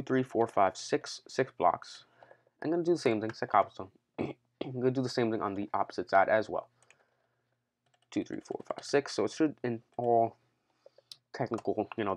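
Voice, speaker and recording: Still out of breath from a workout, a Minecraft tutorial host with a fairly low voice talks his viewers through a casual build. He's loose and chatty, addressing them as "guys," counting blocks out loud, and switching plans mid-sentence.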